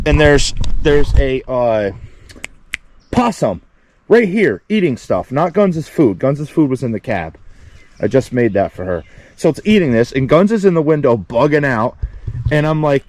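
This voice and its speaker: A man's voice: mid-range voice, expressive, moderate pace. A man talking casually to his camera outdoors by his truck, rambling with lots of fillers as he tells a story. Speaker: volunteer vlogger.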